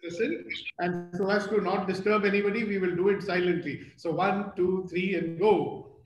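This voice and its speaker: A man's voice: high-pitched, steady tone, normal speed, highs cut off, soft background music. An older man with an Indian English accent gives a playful motivational talk to a live group, telling stories and asking the audience questions. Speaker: motivational speaker. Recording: echoey room with faint noise.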